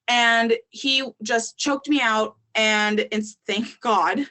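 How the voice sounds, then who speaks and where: A woman's voice: a little high, fairly even intonation, takes it slowly, bright, forceful tone. A young adult woman, a podcast guest, telling her story in candid casual talk, with frequent ums and likes.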